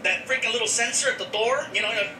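A man's voice: extremely high pitch, very fast. A man doing stand-up, telling a story and acting out other people's lines. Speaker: stand-up comedian. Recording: echoey distant playback with loud music.

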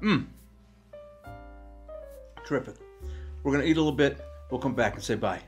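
A man's voice: medium pitch, normal speed, faint music behind. A man co-hosting a home cooking show, enthusiastically tasting the food and chatting casually, often stumbling and restarting his words. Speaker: co-host. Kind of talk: casual chat. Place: home kitchen.

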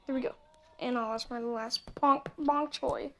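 A woman's voice: a little high, flat delivery, moderate pace, soft background music. A woman casually commentating a mobile game, chatting to viewers and muttering asides as she plays. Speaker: gameplay commentator. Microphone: phone screen recording mic.

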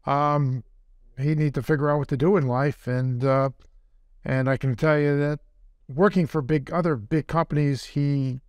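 An older man speaking as a podcast interview guest, relaxed and rambling, with a self-deprecating manner. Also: fairly high pitch, dry recording, studio quality. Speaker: guest, company founder and surgeon.

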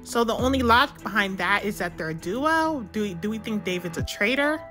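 Woman doing a sly toy contestant girl, scheming, bright lively voice. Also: medium pitch, a little fast, faint music behind. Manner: scheming, conversational. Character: Christina, shrewd female toy contestant. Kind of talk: toy reality-show role-play.

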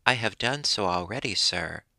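A man's voice: lowish voice, animated, moderate pace, gravelly, bright, forceful tone, dry recording, full character voice. A man doing an earnest red squirrel husband. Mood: polite. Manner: polite and earnest.

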